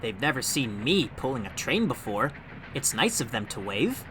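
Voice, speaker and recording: A man voicing an eager, proud little tank engine that is excitable and quick to fret, in a storybook audiobook. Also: medium pitch, heavy background noise, close to an everyday voice. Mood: cheeky.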